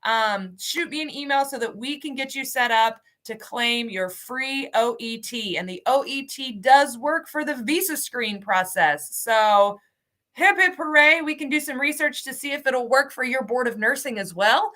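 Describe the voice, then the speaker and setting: Bright, upbeat woman hosting a webinar. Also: a little high, normal speed, hardly any pauses. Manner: upbeat, cheery, stumbles over names. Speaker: host, ESL program coordinator. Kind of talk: live webinar announcements.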